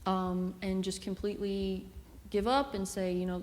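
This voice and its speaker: A young woman sharing an emotional personal testimony as a camp missionary, halting and long-winded with many fillers. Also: on the low side, little pitch movement, a little mellow. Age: young adult. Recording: reverberant room with faint noise.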